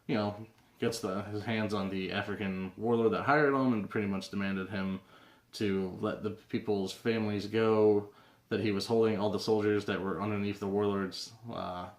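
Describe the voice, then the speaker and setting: A man's voice: fairly low pitch, fairly even intonation, normal speed. A young man hosting a casual comic book review vlog, rambling with lots of fillers and restarts. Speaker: comic book video host. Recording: roomy echo.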